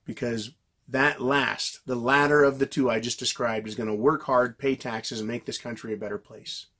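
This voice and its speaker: Husky man ranting angrily to camera. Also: medium pitch, steady tone, moderate pace. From United States. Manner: yells and vents angrily, heavy swearing. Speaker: political commentary vlogger. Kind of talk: ranting monologue to viewers.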